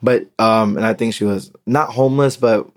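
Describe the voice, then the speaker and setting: An American young man speaking candidly in an unedited solo podcast monologue, halting with ums and restarts. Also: lowish voice. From United States. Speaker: podcast host.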